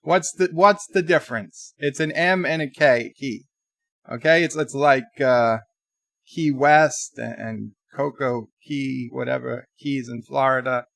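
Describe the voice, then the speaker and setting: A man's voice: medium pitch, measured pace, vocal fry, a bit bright, dry recording, clean studio sound. A man hosting a livestream, reading viewer comments aloud in a chatty, exasperated way. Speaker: livestream host. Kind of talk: casual live chat reading comments.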